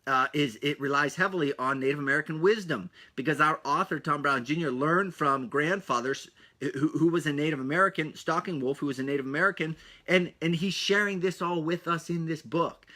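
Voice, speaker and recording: Excitable, bright-voiced male podcast host. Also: on the high side, a little fast. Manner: excitable, rambling, punchy asides. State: slightly out of breath. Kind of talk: energetic solo podcast monologue.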